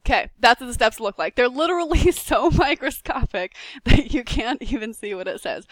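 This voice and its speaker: A woman's voice: on the high side, a little fast, fairly bright tone, no echo. Insistent, emphatic woman tutor. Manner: emphatic, insistent, repeats points. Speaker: test-prep tutor trainer. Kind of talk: recorded lesson.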